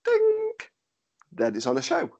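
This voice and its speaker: A man hosting a podcast in casual chat, with a nasal, fairly monotone voice, swearing and laughing easily. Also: mid-range voice, moderate pace, dull audio. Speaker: podcast host.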